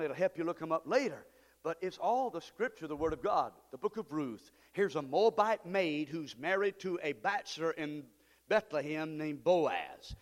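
A man preaching a sermon as pastor, moving between quiet asides and shouted, fervent appeals. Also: fairly high pitch. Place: church sanctuary. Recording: long church hall reverb.

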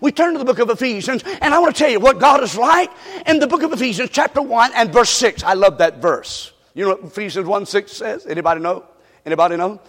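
A man preaching a sermon, fervent and repetitive, calling out to the congregation and often shouting. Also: high-pitched, lively intonation, quick pace. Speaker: pastor. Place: church sanctuary. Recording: long reverb of a church hall.

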